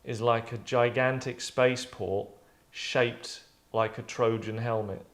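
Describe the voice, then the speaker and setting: A man's voice: mid-range voice, fairly even intonation, slow. A man hosting and directing a voice session, rambling and restarting as he gives notes. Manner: rambling, restarts, acts out lines. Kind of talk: casual chat, giving direction.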